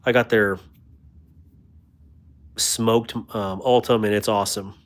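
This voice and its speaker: Guy with a lowish voice hanging out on his stream, reading chat, chatty and self-deprecating. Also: unhurried, pauses often. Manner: chatty and self-deprecating, thanks viewers warmly. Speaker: host of a knife livestream. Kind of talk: casual livestream chat reading comments.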